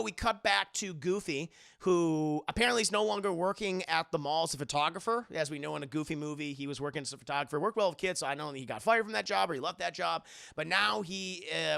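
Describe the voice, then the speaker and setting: A man's voice: a little high, creaky, bright, forceful tone, no room sound, clean studio sound. A man casually reviewing a movie on a live stream, rambling, swearing and talking to his chat. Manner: rambling, profane, talks to chat.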